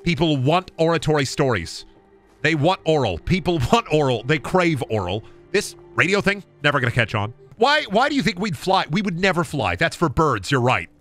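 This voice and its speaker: Guy doing a grumpy old-timey crank ranting about inventions, bright raspy voice jumping all over. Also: a little high, sing-song, moderate pace, faint music behind. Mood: cranky. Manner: grumbling, emphatic ranting.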